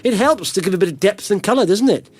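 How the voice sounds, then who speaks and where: A man's voice: high-pitched, lively intonation, fast, breathy edge, no room sound. A man hosting a podcast, joking and rambling in casual chat, often cutting himself off mid-sentence. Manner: joking, rambling, self-interrupting. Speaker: podcast host.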